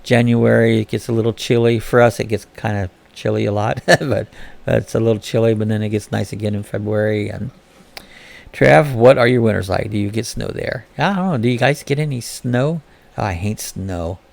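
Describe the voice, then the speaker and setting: A man's voice: on the low side, a little fast, vocal fry. A man from Florida hosting a casual live-stream chat, reading viewers' comments aloud and answering them in a chatty way.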